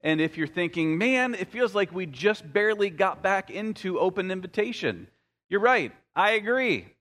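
A man's voice: high voice, big pitch swings, moderate pace, a bit bright. A man preaching a sermon in a church, talking conversationally and addressing the congregation directly. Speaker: pastor. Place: church sanctuary. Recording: long reverb of a large hall.

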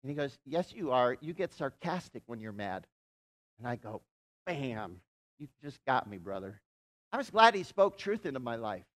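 A man's voice: mid-range voice, sing-song, a little fast, fairly bright tone. A male pastor preaching a conversational sermon, leading his congregation in call-and-response.

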